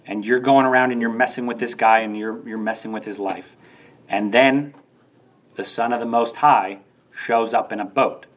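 A man's voice: medium pitch, steady tone, moderate pace. A young man preaching a sermon in a conversational way, asking rhetorical questions and acting out quoted lines.

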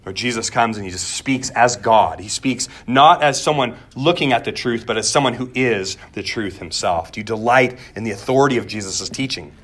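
A man's voice: mid-range voice, a bit bright. A pastor preaching a sermon in a conversational way, repeating words as he goes and asking the room questions.

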